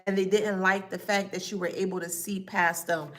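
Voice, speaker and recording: A woman's voice: mid-range voice, flat delivery, a little fast. A woman doing a live tarot reading who talks to her chat in a sassy, emphatic way and laughs often. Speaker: tarot reader.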